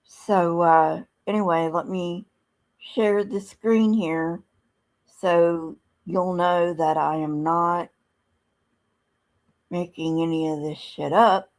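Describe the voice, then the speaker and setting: A woman hosting a podcast, reading scripture aloud and commenting bluntly, with many ums and pauses. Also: lowish voice, fairly even intonation. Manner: slow, halting, many ums, blunt and sardonic. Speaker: podcast host. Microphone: streaming setup mic.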